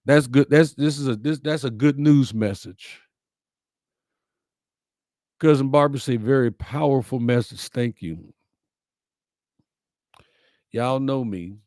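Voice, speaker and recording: A man's voice: mid-range voice, slow, pauses often, darkish tone, no echo, clean studio sound. A middle-aged man, hosting a livestream, reading viewer comments and answering them in a folksy, heartfelt, preacherly way. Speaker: host of a live-streamed message show.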